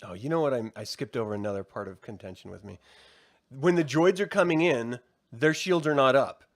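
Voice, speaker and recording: A man co-hosting a casual review podcast, talking in an animated, profane way and acting out characters' lines. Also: medium pitch, fairly quick. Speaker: podcast co-host.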